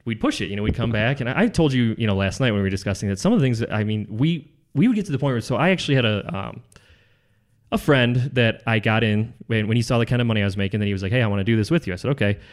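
A man's voice: on the low side, lively intonation. A man being interviewed, telling stories about his past sales job in a casual, rambling way. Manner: fast, rambling, restarts phrases. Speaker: guest, former salesman. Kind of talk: casual conversational storytelling.

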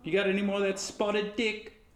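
A man's voice: sits high, monotone, normal speed, roomy sound, voice pushed up, close to an everyday voice. A man voicing a fussy British man craving crumpets and puddings, in a put-on British accent, drawling and demanding.

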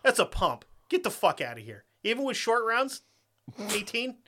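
Bright-voiced profane ranting man. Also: very high voice, big pitch swings. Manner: profane, rants fast and laughs a lot. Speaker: podcast co-host. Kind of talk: casual podcast chat and story reading.

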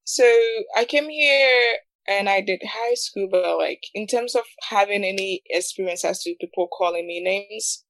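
A woman's voice: medium pitch, unhurried, a bit bright, no echo, rough recording. A young woman in a casual group chat, talking in a thoughtful, hesitant way. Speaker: panel guest.

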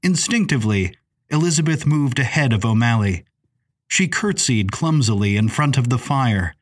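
A man reading a novel aloud as narrator, in a measured, descriptive way. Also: medium pitch, animated. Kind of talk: scripted audiobook narration.

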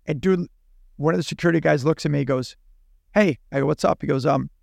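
A man's voice: fairly high pitch, fast talker, creaky, dry recording. A man, a podcast guest, telling a long anecdote in casual chat and acting out both sides of the dialogue. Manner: animated, acts out dialogue in his own voice. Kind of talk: casual storytelling.

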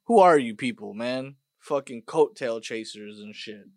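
A man hosting a podcast, ranting casually and profanely, dropping to mutters and then bursting out loud. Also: medium pitch, lively intonation, a little slow, dry recording, clean studio sound. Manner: profane, swings between mutters and loud outbursts. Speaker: podcast host. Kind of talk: casual rant monologue.

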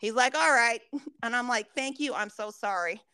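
A young woman with a high, ringing voice tells a story as a podcast co-host. She swears often and stays animated the whole time. The sound is dry and close. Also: moderate pace, clean tone, no echo. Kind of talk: casual chat.

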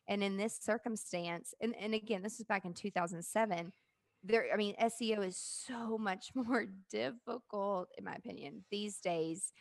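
A woman hosting a casual interview podcast, talking with excited enthusiasm. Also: medium pitch, moderate pace, vocal fry, no echo. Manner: enthusiastic, gushing. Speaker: podcast host.

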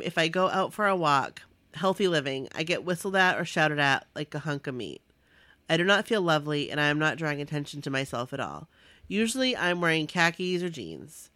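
A woman's voice: deep voice, a bit bright, no echo. A young woman reading her own emotional fan story aloud, earnest, with asides and restarts. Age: young adult.

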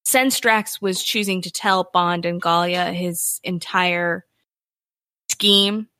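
A woman with a lawyer's background, chatting casually as a podcast co-host, animated and quick to laugh. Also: fairly low pitch, no echo, clean studio sound. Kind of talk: casual chat.

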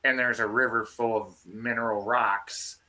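Bright-voiced man telling a story. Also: fairly low pitch, unhurried. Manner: animated, restarts often. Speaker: field researcher guest. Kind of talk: casual storytelling.

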